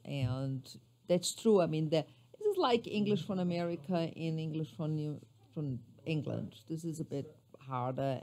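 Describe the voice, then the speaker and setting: A woman's voice: low voice, dark tone. A woman guest on a radio talk show, describing her work with hesitant, word-searching speech. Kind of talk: casual interview chat.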